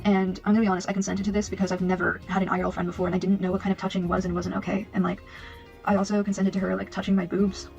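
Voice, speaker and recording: A young man talks quickly in a flat, heavily gravelly voice. He is hesitant and apologetic and stops often to gather himself. He is giving a personal statement to camera. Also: high voice, lo-fi sound, soft background music. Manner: hesitant, filler-heavy, apologetic. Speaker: video creator.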